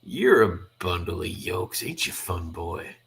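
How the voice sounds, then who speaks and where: A man's voice: low-pitched, very animated, measured pace, creaky, a bit bright, a little hiss or hum, full character voice. A man voicing a cold male mercenary sniper in a comic read-through, with a folksy, drawling menace. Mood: menacing.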